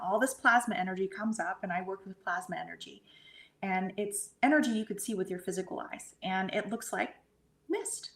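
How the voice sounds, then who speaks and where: A middle-aged woman, a guest medium, telling a personal story softly and haltingly, often sinking into a breathy whisper. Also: on the low side. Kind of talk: emotional personal storytelling in a podcast interview. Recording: roomy echo.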